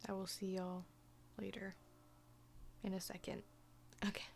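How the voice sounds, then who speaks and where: A young woman talking casually in a personal vlog, soft-spoken and often half-whispering, hesitant with lots of fillers. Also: mid-range voice, completely flat delivery, unhurried, creaky, a little hiss or hum. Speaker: vlogger.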